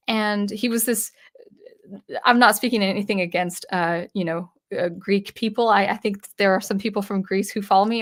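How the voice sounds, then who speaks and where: A woman hosting her channel, casually recounting a personal story with frequent restarts, asides and acted-out dialogue. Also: medium pitch. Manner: acts out remembered dialogue with shifts in tone. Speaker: electronic music composer and channel host.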